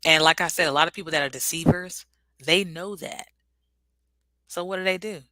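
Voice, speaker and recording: A woman's voice: fairly low pitch, moderate pace, bright, forceful tone, no room sound. A woman vlogger giving a casual, earnest and reflective motivational talk.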